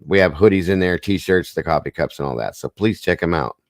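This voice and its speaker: A man hosting a live stream, chatting casually in a rambling, folksy way and clearing his throat now and then. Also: deep voice, a little fast, no echo, studio quality. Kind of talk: casual chat.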